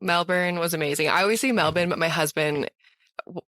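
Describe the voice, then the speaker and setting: A woman's voice: fairly low pitch, brisk, fairly bright tone, dry recording. A young woman from Southern California with an American accent, chatting as a podcast guest in a bubbly way, exclaiming often. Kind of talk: casual chat.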